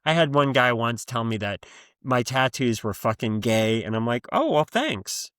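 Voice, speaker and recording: A man's voice: medium pitch, steady tone, normal speed, fairly bright tone, clean tone, no echo, studio quality. A man hosting his own podcast in a casual, rambling monologue, blunt and freely profane. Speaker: podcast host.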